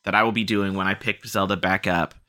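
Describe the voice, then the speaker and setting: Laid-back woman co-host with a very deep voice, cheering friends on. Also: steady tone, fairly quick, pushed and bright. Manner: laid-back, swears, hypes others up. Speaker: podcast co-host. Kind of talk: casual chat.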